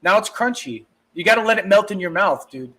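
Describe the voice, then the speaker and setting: A man's voice: sits high, fairly quick, poor audio. A man co-hosting a podcast, rambling and swearing in casual chat. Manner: rambling, animated, swears a lot. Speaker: podcast co-host.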